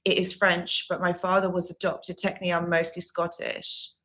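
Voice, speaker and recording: A woman's voice: fairly low pitch, flat delivery, normal speed, pushed and bright. A woman recovery coach hosting a live Q&A stream, reading viewer comments aloud and answering with earnest, reassuring advice that she often repeats.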